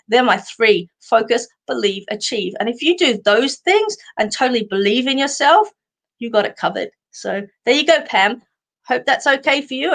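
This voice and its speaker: An Australian woman hosting a live stream of psychic card readings, talking in a warm, chatty way, full of fillers, and calling viewers sweetheart. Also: on the high side. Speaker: psychic medium host.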